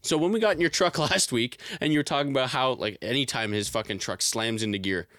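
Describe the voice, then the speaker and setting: A man's voice: medium pitch, quick pace, a bit bright, no echo, studio quality. A young man casually telling a profane story on a podcast and laughing often. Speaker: podcast co-host. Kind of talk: casual chat.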